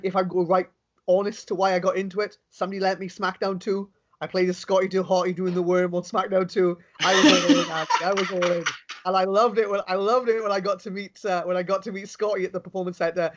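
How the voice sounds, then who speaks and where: The guest, a young man from Wales who wrestles professionally, races through enthusiastic stories in a casual interview, frequently starting sentences over. His voice sits high, and the recording is dull and lo-fi.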